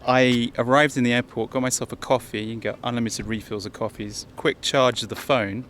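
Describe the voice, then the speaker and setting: An English man talks casually to camera while travelling through a town. He rambles in a chatty way at an ordinary pitch. Faint street and traffic noise runs behind him. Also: steady tone, a little fast, a bit bright. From England. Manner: chatty and rambling, speaks to the viewers directly. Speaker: travel vlogger. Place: outdoors in a town and on a bus.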